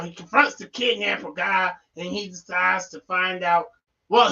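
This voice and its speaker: A man's voice: high-pitched, sharp tone, dull audio. A man reviewing a film on a casual live stream, rambling with playful, goofy asides.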